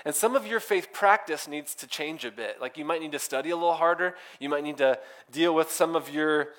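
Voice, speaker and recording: A man in his thirties preaching a sermon as a pastor, in a relaxed, conversational way that is full of "like" fillers. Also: on the high side, brisk. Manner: casual, filler-heavy with frequent "like".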